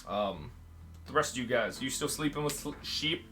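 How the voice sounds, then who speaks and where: A man's voice: mid-range voice, expressive, moderate pace, fairly bright tone, slight background noise. A man running a tabletop game as game master, casual and laughing with his players.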